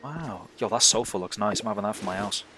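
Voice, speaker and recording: A man's voice: on the low side, fast. A man streaming a game who chats casually, swears freely, laughs often and thinks aloud. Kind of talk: casual gameplay chat. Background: game music.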